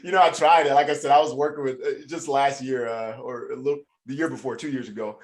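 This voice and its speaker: A man's voice: medium pitch, fairly even intonation, fast talker. A man hosting a casual interview over a video call, talking in a chatty way with many restarts. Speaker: host.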